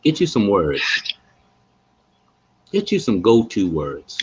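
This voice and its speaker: Animated man hosting a podcast. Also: fairly low pitch, takes it slowly, husky, dull audio. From West Baltimore, USA. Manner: animated, playful storytelling with frequent asides. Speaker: podcast host. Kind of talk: live podcast chat.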